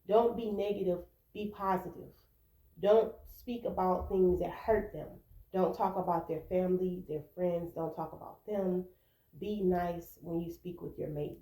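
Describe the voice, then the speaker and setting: A woman's voice: on the low side, dark tone, reverberant, poor audio. A woman vlogger talking to camera, giving earnest relationship advice and acting out quoted arguments. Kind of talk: casual advice talk to camera.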